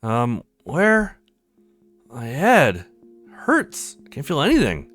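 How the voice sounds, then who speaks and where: A man's voice: mid-range voice, wildly swooping pitch, takes it slowly, fairly bright tone, faint music behind, heavily acted. Man doing a dazed young man in an accent. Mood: confused. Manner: bewildered, in a put-on accent. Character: young man waking from a coma.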